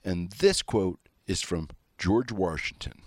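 Deep, lively folksy host, country rancher manner, dry close mic. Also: male voice, slow pace, no room sound. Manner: folksy storytelling, self-styled country rancher. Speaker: talk show host. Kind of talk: political talk show monologue.

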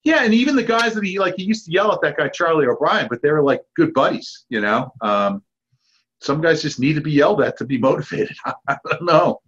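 A man in his fifties, a guest on a podcast, telling lively anecdotes and acting out the people in them. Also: on the high side, brisk, muffled recording. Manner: lively anecdotes with acted-out quotes and laughs. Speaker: guest, park founder's son. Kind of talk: animated storytelling.

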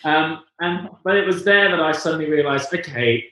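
A man's voice: fairly high pitch, animated, normal speed, sharp tone. A man from England, a musical theatre singer chatting as an interview guest in a rambling, self-correcting way. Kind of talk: casual interview chat. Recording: very echoey, distant from the mic.

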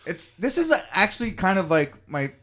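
Quick and sharp, this man's high-pitched, sing-song voice reads scripture aloud on a podcast he co-hosts. He raises his voice for the verses, then riffs loosely in a casual, comedic chat.

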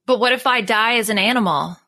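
A woman's voice: a little high, fast talker, bright, forceful tone. Woman voicing a bewildered adventurer. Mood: anxious. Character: frightened adventurer, puzzled and unsure.

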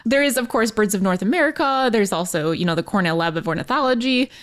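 A woman's voice: medium pitch, expressive, fast talker. Chatty enthusiastic woman on radio. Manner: enthusiastic, informal, with fillers and laughs. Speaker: wildlife program manager.

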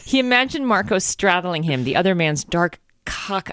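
Low-voiced woman reading with deadpan asides. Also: normal speed, hardly any pauses, no echo, studio quality. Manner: deadpan narration broken by wry asides and laughter. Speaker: co-host reading aloud. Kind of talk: comic reading of erotic fiction.

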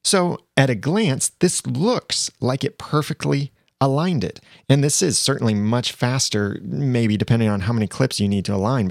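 A man teaching video editing software in a plain, step-by-step way, recorded on a lavalier mic. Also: on the low side, vocal fry, no room sound, clean studio sound. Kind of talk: screen-recorded software tutorial.

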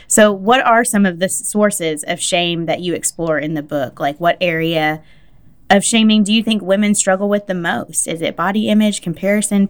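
A woman's voice: medium pitch, clean tone. A woman hosting an interview, affirming her guest and asking questions. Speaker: podcast host. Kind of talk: conversational interview.

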